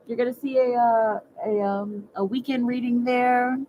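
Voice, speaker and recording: A woman giving a casual livestream tarot reading. She talks in a chatty, halting way, repeating words and often checking in with viewers by asking "okay?". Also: a little high, fairly even intonation, darkish tone, a little hiss or hum, low-quality recording. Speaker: tarot reader.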